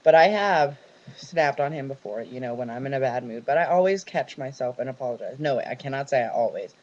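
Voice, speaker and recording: A man's voice: medium pitch, animated, fairly quick, darkish tone, dull audio. A young man from California venting in a personal vlog, swearing heavily and talking in long run-on stories. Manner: ranting, heavy swearing, run-on storytelling. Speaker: vlogger.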